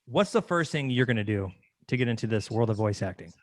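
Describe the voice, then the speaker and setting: A man hosts a casual podcast interview and sounds enthusiastic and affirming. His voice sits at a middle pitch. The recording is dry, with no room sound. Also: animated, fast talker, dry recording. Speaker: podcast host.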